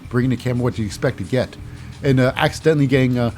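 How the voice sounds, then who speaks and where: A man's voice: medium pitch, steady tone, racing, a little mellow, soft background music. A man casually recapping a wrestling show, rambling with lots of fillers and snarky asides.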